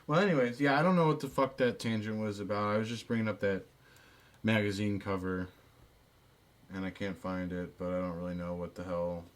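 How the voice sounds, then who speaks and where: A man's voice: fairly low pitch, steady tone, a little fast. A man co-hosting a podcast, telling a story in a rambling, incredulous way, with profanity and many fillers and restarts. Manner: incredulous, laughing retelling. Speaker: podcast co-host. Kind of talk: casual storytelling chat.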